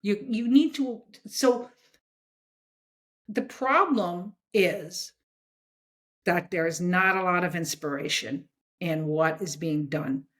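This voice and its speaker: A woman's voice: lowish voice, slow, pauses often. A woman talking bluntly and emphatically as a guest in a casual interview, often checking in with "okay?". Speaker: comics editor and guest.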